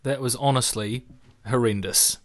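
A man's voice: mid-range voice, fairly even intonation, unhurried. A man in casual banter, reacting with dry exasperation.

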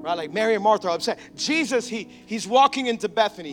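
A male pastor preaching an animated sermon in a church, acting out the characters he describes. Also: sits high, quick pace, faint music behind. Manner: animated, acts out biblical characters.

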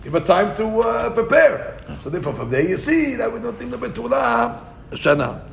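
Gravelly man teaching a Talmud class. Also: very high voice, moderate pace, a little hiss or hum. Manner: animated, thinks aloud with many restarts; mixes Hebrew and Aramaic terms into English.

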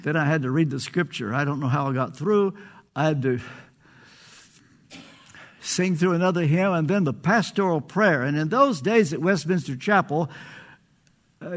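Older man preaching earnestly, high voice. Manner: earnest pleading, drawn-out emphatic phrases. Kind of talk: sermon.

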